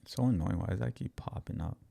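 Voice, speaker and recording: Brief: young adult man, low gravelly voice, chatty live-stream trading host who keeps addressing viewers. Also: quick pace. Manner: energetic, repeats himself, talks straight to viewers. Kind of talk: casual live-stream market commentary.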